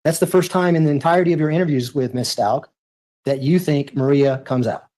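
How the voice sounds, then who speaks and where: A man's voice: fairly high pitch, fairly even intonation, fairly quick, warm tone. A man cross-examining a witness in court, insistent and pressing with his questions. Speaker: prosecutor.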